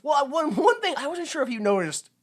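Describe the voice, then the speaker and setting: Animated man recapping a movie. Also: very high-pitched, quick pace. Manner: animated, acts out characters in funny voices, laughs often. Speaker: podcast co-host. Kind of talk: casual movie recap chat.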